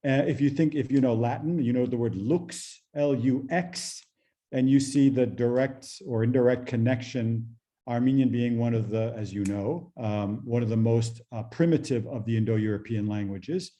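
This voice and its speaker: Dark-voiced man teaching a language class. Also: mid-range voice. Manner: patient, explains slowly with many fillers.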